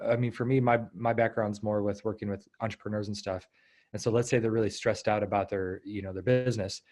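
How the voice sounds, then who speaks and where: A man in his thirties, a guest coach in a casual interview, explaining ideas and acting out inner thoughts in lively asides. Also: on the low side, fairly quick. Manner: animated, acts out inner voices.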